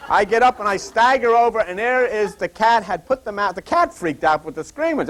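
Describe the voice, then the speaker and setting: An older man teaching from the Bible in a loose, rambling way and wandering into personal anecdotes. His voice sits high for a man and swings widely up and down as he tells stories. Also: brisk, few pauses, slight background noise. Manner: animated, digressive storyteller.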